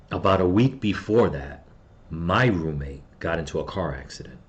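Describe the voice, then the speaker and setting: Deep-voiced man ranting in grief. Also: animated, unhurried, highs cut off. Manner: grieving, bitter, profane ranting. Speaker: channel host. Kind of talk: angry personal vlog rant.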